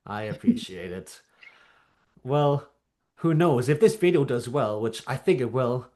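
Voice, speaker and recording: A man from Canada hosting a casual interview, speaking softly with hesitant restarts. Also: mid-range voice. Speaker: host. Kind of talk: casual video call interview.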